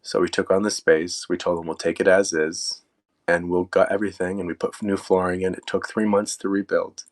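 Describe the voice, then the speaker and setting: A young man telling a personal story in a casual, animated way, acting out quoted lines. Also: low voice, fairly quick. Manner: casual, animated retelling with quoted asides and fillers. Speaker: storyteller guest.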